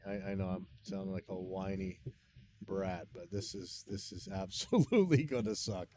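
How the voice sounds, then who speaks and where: A man's voice: low-pitched, moderate pace, a crowd in the background. Mumbling man talking to himself while working. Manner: rambling, self-deprecating, muttering under his breath. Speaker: live-stream host working on music sessions. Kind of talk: casual thinking-aloud commentary while working.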